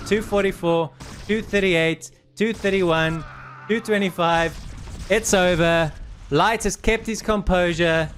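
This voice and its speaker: A man casting a video game match with animated commentary, urging the players on and out of breath. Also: high-pitched, slight background noise. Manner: animated, urges players on, laughs in disbelief. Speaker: game caster. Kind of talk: excited esports commentary.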